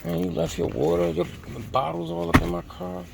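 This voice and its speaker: Gravelly man ranting from his car. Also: on the high side, little pitch movement, fairly quick, background noise. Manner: preachy, blunt, profane. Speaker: vlogger. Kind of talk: casual religious rant to viewers.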